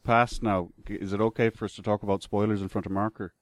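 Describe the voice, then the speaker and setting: Male panelist, low voice, deadpan asides. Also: fast talker, dry recording, clean studio sound. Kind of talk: casual chat.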